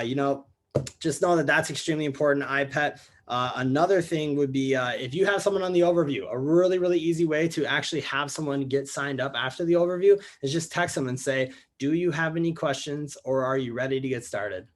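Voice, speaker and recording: Young male team leader, energetic motivational training-call delivery, keeps repeating points and calling everyone "guys". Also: mid-range voice. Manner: energetic, repetitive, addresses listeners as guys. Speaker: network marketing team leader.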